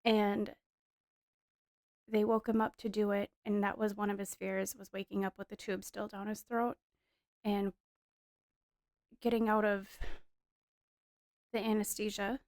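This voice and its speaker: A woman in her thirties tells a heartfelt personal story, earnest and emotional, with a few ums and restarts along the way. Her voice sits at an ordinary middle pitch. The sound is close and dry, with no room echo. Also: level tone, measured pace, pauses often, darkish tone. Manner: earnest, emotional retelling with fillers. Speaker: wife sharing a testimony. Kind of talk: personal testimony, casual storytelling.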